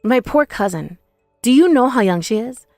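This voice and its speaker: A woman's voice: a little high, expressive, normal speed, a little mellow, dry recording, studio quality, soft background music. A woman narrating a dramatized first-person story in a confrontational, scolding way.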